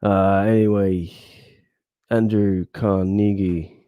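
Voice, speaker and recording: A man from South East London with a South East London accent, co-hosting a podcast in casual chat, chatty and quick to laugh. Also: sits low, fairly even intonation, no room sound, narrow, tinny audio. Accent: South East London English. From South East London, England. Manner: chatty, laughs easily, reads comments aloud. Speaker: podcast co-host. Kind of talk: casual chat reading viewer comments.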